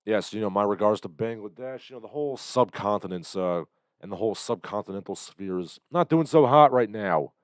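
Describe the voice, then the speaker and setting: A man hosting a livestream, commenting on the news in a sardonic, halting way with lots of fillers, still getting over an illness. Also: on the low side, animated, no room sound. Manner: sardonic, hesitant with many fillers. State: recovering from illness, coughing. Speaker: livestream host.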